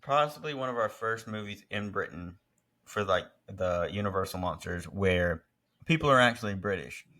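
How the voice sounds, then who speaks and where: A man's voice: on the low side, lively intonation, normal speed, pushed and bright. A man co-hosting a casual movie review chat, joking and teasing as he goes. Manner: jokey, mocking mock-British impressions. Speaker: podcast co-host.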